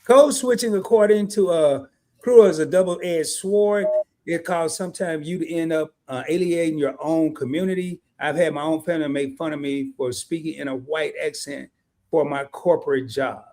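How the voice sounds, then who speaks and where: A middle-aged man co-hosts a live stream in a relaxed, slangy way and speaks right to his audience. His voice sits a little high. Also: moderate pace. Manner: laid-back, slangy, talks to viewers directly. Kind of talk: casual live stream chat.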